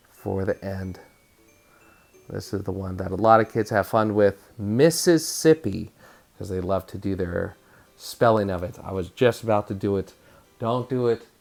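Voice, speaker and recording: A man's voice: on the low side, creaky, a little mellow. A man teaching a spelling lesson to third graders, encouraging and sounding out words syllable by syllable.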